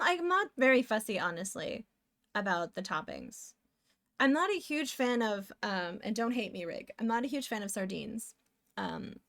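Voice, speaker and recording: A woman's voice: a little high, fairly bright tone. A woman from Canada, chatting casually with viewers while drawing, giggly and talking to herself as she works. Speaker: streamer.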